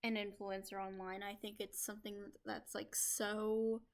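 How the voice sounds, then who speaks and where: A woman's voice: mid-range voice, level tone, normal speed. Chatty young woman vlogging, full of fillers. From United States. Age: young adult. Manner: rambling, many "like" fillers. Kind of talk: casual vlog chat. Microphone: laptop microphone. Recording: lo-fi laptop recording.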